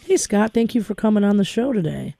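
Radio host, chatty and informal, mellow tone, dry studio sound. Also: female voice, mid-range voice, expressive, a little fast, vocal fry, slightly rough, dry recording. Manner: warm, chatty, filler-heavy. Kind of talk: community radio tribute show.

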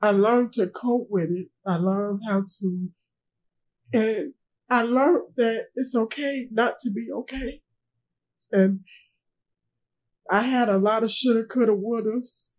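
Husky-voiced grieving middle-aged woman. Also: a little high, fairly even intonation, darkish tone, poor audio. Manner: halting, repeats herself, trails off. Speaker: grieving mother being interviewed. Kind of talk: emotional personal recounting.

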